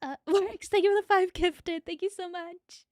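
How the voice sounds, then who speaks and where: A woman's voice: extremely high pitch, steady tone, normal speed, dry recording. A young woman streamer giving casual, giggly, teasing reaction commentary.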